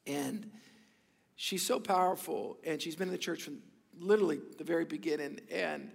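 A man's voice: a little high, normal speed, vocal fry, slightly rough. A man preaching a sermon as pastor in a church service, with emphatic repeated phrases and rhetorical questions. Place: church sanctuary during a service. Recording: long hall reverb with faint music.

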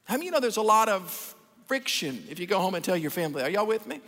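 High-voiced animated man preaching in a hall. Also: fast. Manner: animated, folksy, acts out Bible characters. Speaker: pastor. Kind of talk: sermon. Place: large church hall. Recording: long reverb of a church hall.

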